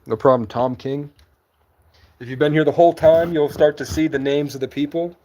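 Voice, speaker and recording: A young man with a fairly high voice, rambling loosely through a live stream from the woods at night and swearing casually. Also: fairly even intonation, moderate pace, a little mellow. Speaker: livestreamer.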